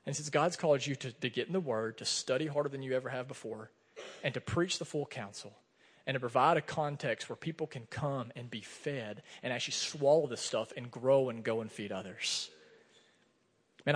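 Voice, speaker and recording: The long reverb of a church hall surrounds this pastor's medium-pitched, fairly bright voice. Preaching a sermon in the sanctuary, he speaks earnestly and conversationally, sharing personal stories.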